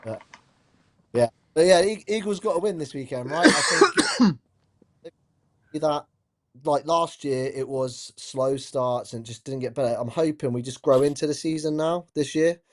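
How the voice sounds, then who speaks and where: A man's voice: a little high, normal speed. Easygoing Southern English male caller. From England. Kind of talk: casual call-in chat.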